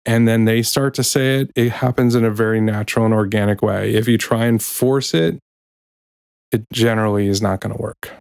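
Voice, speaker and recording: A man's voice: fairly low pitch, steady tone, a little fast, vocal fry, darkish tone, clean tone, no room sound, studio quality. A man hosting a podcast in a loose, self-correcting chat, wry about office jargon, and later reading from his own book. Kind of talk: casual reflective talk, then reading aloud.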